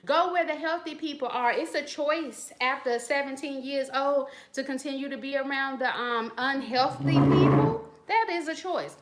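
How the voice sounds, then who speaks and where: A woman's voice: high voice, animated, normal speed, few pauses, noisy background. A woman hosting a live stream from her phone, casually and bluntly preaching advice in slangy talk while greeting viewers in the chat. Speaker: channel host giving advice.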